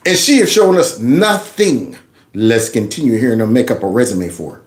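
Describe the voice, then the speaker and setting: A man hosting a reaction commentary show, mocking news clips with loud laughter and playful storytelling. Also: mid-range voice, very animated, fairly quick, echoey room, slight background noise.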